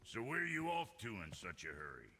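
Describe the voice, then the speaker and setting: An actor playing a chatty, irreverent young dwarf smith who jokes a lot. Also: male voice, lowish voice, fairly quick, slight background noise, exaggerated voice. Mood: wry. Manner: lively, joking, irreverent. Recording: game audio with long reverb, faint ambience.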